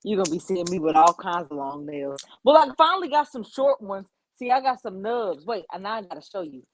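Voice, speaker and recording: A woman's voice: mid-range voice, very animated, a little fast, a little hiss or hum, poor audio. A woman in her twenties with a Southern US accent, chatting playfully as a podcast guest. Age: 20s. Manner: playful, rambling, self-mocking. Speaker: guest, content creator. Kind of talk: casual interview banter.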